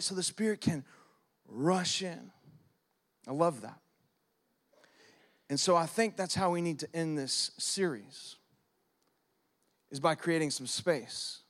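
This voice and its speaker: A man in his thirties or forties, a pastor preaching a sermon in a lively, conversational way, using props and acting out prayers. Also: high-pitched. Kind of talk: sermon with object lessons. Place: church service.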